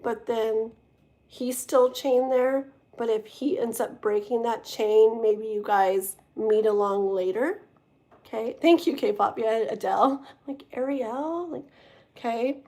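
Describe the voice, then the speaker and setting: A woman's voice: a little high, steady tone, slow, darkish tone. A woman doing a live-stream tarot reading, talking straight to the viewer, rambling and stumbling over her words. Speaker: tarot reader.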